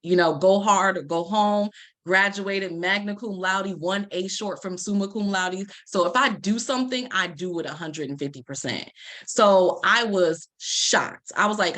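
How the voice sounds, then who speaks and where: A life coach and Reiki practitioner tells an audience a personal story, acting out the lines she quotes. Her voice is mid-range and a bit bright, and she speaks at a measured pace.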